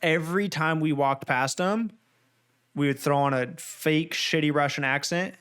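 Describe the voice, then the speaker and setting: A young man talking loosely on a podcast, trailing off and restarting as his thoughts run on. His voice sits fairly high and sounds smooth. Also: moderate pace, a bit bright. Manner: rambling, lots of fillers and restarts, playful. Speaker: podcast co-host. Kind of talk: casual chat.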